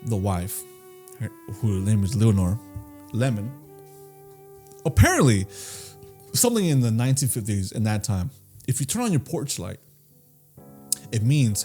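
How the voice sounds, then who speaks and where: A man's voice: fairly low pitch, measured pace, long pauses, faint music behind. A man on a podcast, telling a story in casual, profane chat and acting out the voices of the people in it. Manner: animated, profane, acts out quoted voices. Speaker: podcast co-host.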